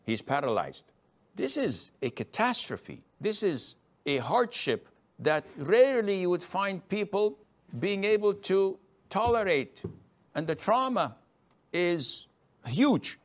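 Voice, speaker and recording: A man's voice: high voice, sing-song, slow. A middle-aged man giving a religious lecture as a scholar answering a question, emphatic and at times mimicking complainers. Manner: emphatic, acts out complainers' voices.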